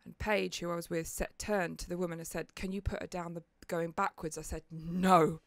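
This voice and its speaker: A woman's voice: lowish voice, a little fast, gravelly, no room sound, studio quality. A woman in her thirties with a Northern English accent, telling a dramatic story in casual podcast chat. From England. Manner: animated, dramatic retelling with acted quotes. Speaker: podcast co-host. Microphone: studio mic.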